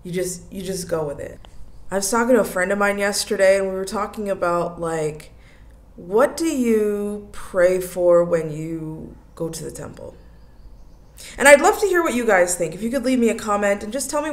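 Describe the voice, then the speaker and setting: A young woman hosting a casual solo podcast, chatting with lots of likes and you-knows and laughing often. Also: medium pitch. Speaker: podcast host.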